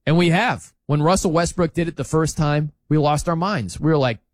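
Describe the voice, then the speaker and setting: A man hosting a sports talk show, arguing his point in an incredulous, animated rant with laughs between points. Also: fairly high pitch, normal speed, no echo, low-quality recording.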